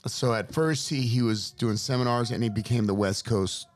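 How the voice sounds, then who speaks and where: A middle-aged man from Los Angeles, a guest telling lively, profane stories about his father in casual chat. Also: mid-range voice, normal speed. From Los Angeles, USA. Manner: profane, lively anecdotal storyteller. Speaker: interview guest. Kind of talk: casual storytelling.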